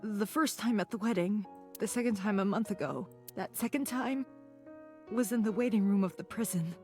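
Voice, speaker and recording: A woman's voice: medium pitch, moderate pace, dark tone, close to an everyday voice. An actress voicing a grieving female schoolteacher in a video game, talking in a tearful, pleading way. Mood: quiet. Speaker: game character. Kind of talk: game voice acting. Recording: game audio with faint music.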